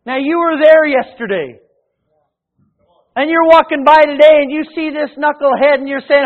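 High-voiced preacher, tinny sound. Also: male voice, normal speed. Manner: animated storytelling with acted voices. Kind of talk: sermon.

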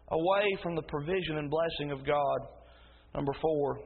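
A man preaching a sermon as pastor in a church, emphatic and rising into a loud preaching cadence. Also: a little high, fairly even intonation, moderate pace, vocal fry, slightly rough. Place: church sanctuary. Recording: tinny phone-like sound in a reverberant hall.

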